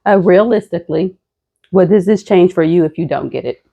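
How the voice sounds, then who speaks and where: A woman co-hosting a vlog, chatting and reading a letter aloud in a careful, deliberate way. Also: lowish voice, gravelly, phone-quality sound. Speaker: co-host, partner of the host.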